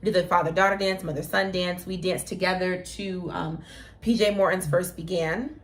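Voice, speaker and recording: A young woman co-hosting a casual chat, telling a story in an animated, emotional way with plenty of fillers. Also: lowish voice, normal speed. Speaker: co-host. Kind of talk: casual chat about their wedding.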